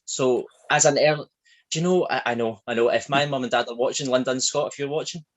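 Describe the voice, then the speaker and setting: A man's voice: mid-range voice, fast talker, poor audio. A man with a thick Glaswegian accent, a podcast guest chatting casually and telling stories about his childhood. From Scotland. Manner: chatty, animated storyteller. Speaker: guest, wrestling shop owner.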